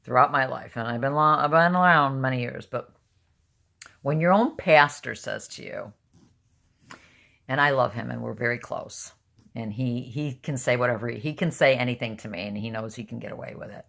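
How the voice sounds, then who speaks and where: A woman's voice: rumbling low, moderate pace, creaky, a bit bright. An older woman talking casually to camera, blunt and rambling, openly emotional. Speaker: vlogger.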